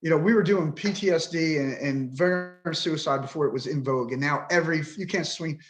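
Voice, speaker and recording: A man's voice: on the high side, fairly quick. A man in his fifties, a podcast guest, talking with frustration and swearing bluntly as he vents. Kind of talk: emotional interview talk.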